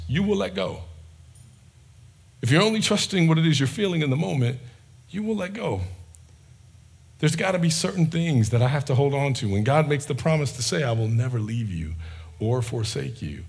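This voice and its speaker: A man with a husky, slightly rough voice preaches a sermon. He pushes hard on some lines and drops to a hush on others, speaking to his congregation as their pastor. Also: medium pitch. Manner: passionate, swings from loud emphasis to quiet near-whisper.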